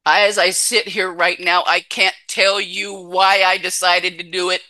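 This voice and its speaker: Man in recovery telling his story, bright-edged voice, blunt and swearing, drops from fierce to hushed. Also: sits high, level tone, a little slow. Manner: raw, blunt and heavily profane, swinging from intense to hushed. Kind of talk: personal recovery testimony.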